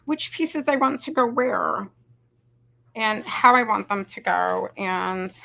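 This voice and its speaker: A woman's voice: medium pitch, expressive, takes it slowly, gravelly, fairly bright tone. A woman, chatting casually and rambling as she hosts a craft tutorial. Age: 40s. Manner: chatty, rambling, says "y'all" and "you guys". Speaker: craft video host.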